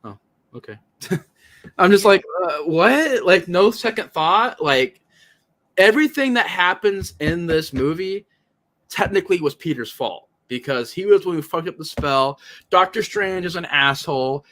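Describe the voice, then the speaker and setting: A man hosting a podcast in casual movie talk, animated and profane, often acting out lines he quotes. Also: sits high, normal speed. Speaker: podcast host.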